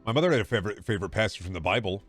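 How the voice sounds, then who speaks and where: A man's voice: fairly low pitch, expressive, racing, soft background music. A young man streaming a game, cracking sarcastic, profane jokes and rambling about what he finds. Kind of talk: casual gameplay commentary.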